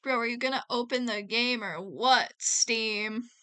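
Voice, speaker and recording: A woman's voice: on the high side, steady tone, a little slow, pushed and bright, clean tone. A woman chatting casually to her viewers while playing a game, giggling often and talking straight to chat. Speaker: let's play gamer. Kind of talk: casual gameplay commentary.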